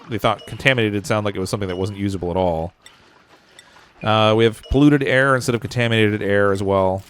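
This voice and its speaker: A man's voice: fairly low pitch, slight background noise. A young Canadian man with a Canadian accent, live-streaming and commenting on his gameplay, chatty, thinking aloud with fillers and corny jokes. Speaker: game streamer.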